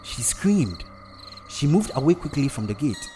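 Narrator: man, mid-pitched voice, steady scripted storytelling, faint background music. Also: a little slow.

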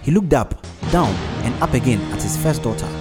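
A man reading a dark story aloud in a dramatic, scripted narration. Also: mid-range voice, expressive, a little fast, loud music behind the voice. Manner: dramatic, acts out every character.

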